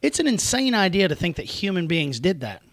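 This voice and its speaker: A man's voice: sits high, very animated, fairly quick, no echo, clean studio sound. A man with a rural Southern American accent hosting a podcast, talking in a casual, reflective, rambling way and laughing easily. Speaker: podcast host. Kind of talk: casual conversation.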